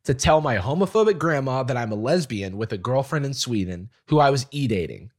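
A man's voice: medium pitch, expressive, brisk. A man co-hosting a podcast, reading a listener's email aloud and breaking off to laugh and comment. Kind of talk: casual chat, reading a letter aloud.

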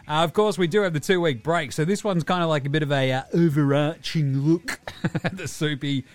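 A man with an Australian accent hosting a sports podcast in a jokey, chatty way. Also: on the high side. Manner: jokey, fast and chatty with fillers. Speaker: podcast host. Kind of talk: casual sports podcast chat.

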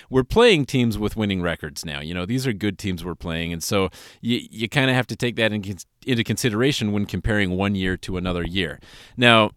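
A man hosting a casual podcast, telling jokey stories with quick restarts and self-corrections. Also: on the low side, dry recording, clean studio sound. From Alaska. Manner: joking, storytelling with quick restarts. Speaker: podcast host.

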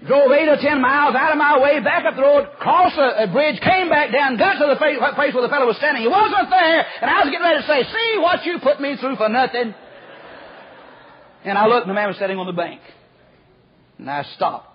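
A man preaching a folksy storytelling sermon, acting out the quoted voices and dropping to a hush at times. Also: extremely high pitch, lively intonation, fast talker. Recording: muffled lo-fi recording.

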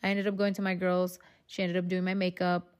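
A woman's voice: on the low side, monotone, fairly quick, a little mellow. Woman podcast host, solo monologue, candid and rambling, heavy casual swearing. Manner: addresses listeners as y'all.

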